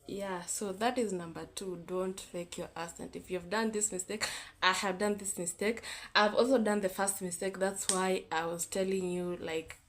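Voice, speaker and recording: A woman's voice: medium pitch, darkish tone, a little hiss or hum. A young woman in her twenties talking casually to camera, giving candid dating advice with many fillers and repeats. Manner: chatty, candid, repeats herself with lots of fillers. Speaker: vlogger.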